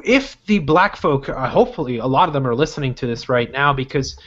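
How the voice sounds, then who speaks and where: A man's voice: mid-range voice, animated, brisk, a bit bright. A man hosting a podcast in casual chat, talking emphatically with lots of fillers and swearing. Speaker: podcast host. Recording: muffled lo-fi podcast audio.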